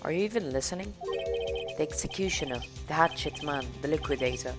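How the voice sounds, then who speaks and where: A woman's voice: sits low, expressive, a little fast. A woman doing a smug, menacing rich villain. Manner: haughty, condescending, threatening. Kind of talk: voicing a video game let's play. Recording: game music playing behind. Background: game music.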